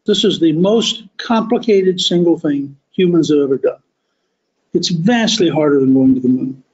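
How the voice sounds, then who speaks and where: A man hosting a podcast, telling a history story as a deliberate, emphatic monologue that stretches key words. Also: fairly high pitch, a little mellow, highs cut off. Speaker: podcast host.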